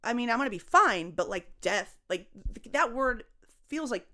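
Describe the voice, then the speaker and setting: A young adult woman, a comedian, talking casually on a podcast in a rambling, expressive way, swearing and laughing often. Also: on the high side, moderate pace. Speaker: guest comedian.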